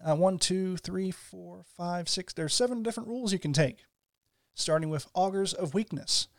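A man's voice: high voice, moderate pace, vocal fry, no echo, clean studio sound. A man co-hosting a casual podcast, reading game rules aloud with asides and laughing easily. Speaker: podcast co-host.

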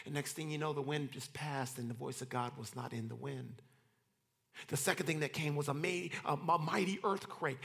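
A male pastor preaching a sermon in slangy, dramatic storytelling that swings from shouts to whispers. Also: mid-range voice, moderate pace, big-room sound.

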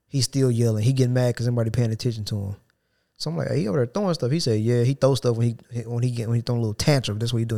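This podcast co-host has a gravelly, mid-range voice. He animatedly narrates a work story in casual conversation, acting out what people said.

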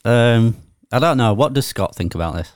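A man's voice: medium pitch, expressive, normal speed, a little mellow, no echo, clean studio sound. A man with a Yorkshire accent, co-hosting a podcast in casual chat, sweary and grumbling. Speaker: podcast co-host.

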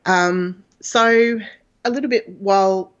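An interview guest tells a personal story frankly and chattily, full of fillers. Her smooth, mid-range woman's voice moves slowly, and the lo-fi audio sounds dull.

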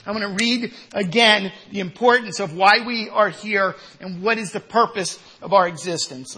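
A male pastor preaching a sermon, emphatic, with repeated rhetorical questions and loud one-word commands. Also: high voice, slightly rough.

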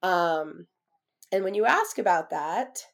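A woman's voice: fairly low pitch, slow pace, gravelly, no echo. A woman guest in an interview, telling her own story emphatically and acting out what others said to her. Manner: emphatic, animated, acts out other people's words.

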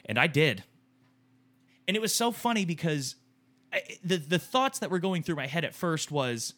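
Bright-voiced man telling a raw story. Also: fairly high pitch, sing-song, normal speed, pauses often. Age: 30s. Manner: rambling, emotional storytelling with restarts and swearing. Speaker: podcast co-host. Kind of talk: candid casual chat.

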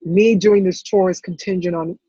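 A woman, an interview guest, tells an emotional personal story in a halting way, full of restarts and repeated words. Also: on the low side, fairly even intonation, mellow, slightly rough, no echo, lo-fi sound.

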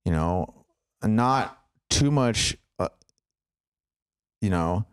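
A man's voice: lowish voice, animated, extremely slow, smooth, no echo, studio quality. A man co-hosting a podcast, talking in a loose, rambling way full of fillers and tangents. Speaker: podcast co-host. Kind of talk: casual chat.

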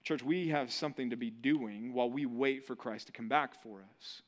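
A male pastor giving a sermon in a lively, conversational way, often asking the congregation rhetorical questions. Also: medium pitch, a little fast, few pauses.

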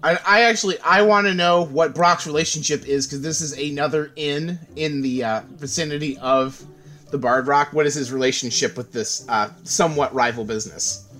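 Halting, higher-voiced male player. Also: sharp tone. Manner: halting, polite, many restarts. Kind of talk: playing a tabletop game.

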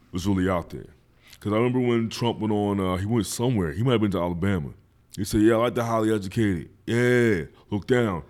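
Male DJ guest, casual chat; lower-pitched, laid-back and blunt. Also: a little mellow.

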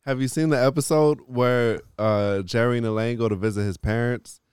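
A man's voice: mid-range voice, normal speed, a little mellow, clean tone, no echo, clean studio sound. A man co-hosting a casual podcast chat, telling a meandering story with laughs.

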